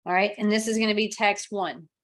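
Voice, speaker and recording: A middle-aged woman coaching real estate agents through software on a screen recording. She narrates every click in a plain mid-range voice, moving from one step to the next and now and then acting out the texts a client might send. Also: mid-range voice, fairly even intonation, a little fast. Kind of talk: screen-share software tutorial.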